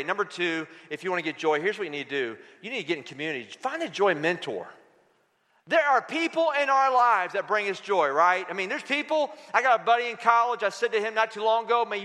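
A preacher with a very high voice for a man delivers an energetic, folksy sermon, often prodding his congregation for responses. His tone is bright and forceful, and the long reverb of a large hall follows each phrase. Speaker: pastor.

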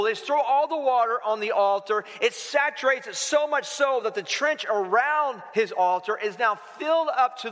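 A man with an extremely high, strained, bright voice preaches a sermon as pastor, mixing jokes with rhetorical questions aimed at his congregation. The church sanctuary gives a long, large-hall reverb.

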